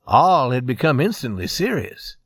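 A man reading a western story aloud in a measured, expressive narration. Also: mid-range voice, husky, no echo, studio quality.

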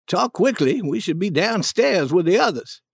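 A man voicing a scheming middle-aged con man who calls himself a king, speaking in a persuasive, smooth manner for a read-aloud story. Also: high voice, very animated, normal speed, dry recording, clean studio sound, heavily acted. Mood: impatient.

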